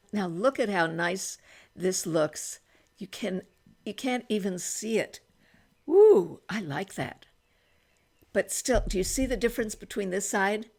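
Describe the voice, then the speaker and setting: An older woman in her eighties with a gravelly, creaky edge to her voice talks through a makeup try-on. She chats casually and thinks aloud, often starting a sentence over as she works. She is recording in a small room at home. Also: mid-range voice. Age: 80s. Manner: chatty, thinks aloud, many restarts while applying makeup. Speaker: beauty vlogger.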